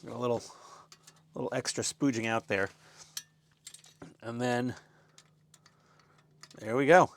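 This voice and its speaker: A man's voice: medium pitch, steady tone, slow pace, pauses often, a little hiss or hum. A man giving casual, rambling commentary as he builds a scale model, chatty and self-deprecating.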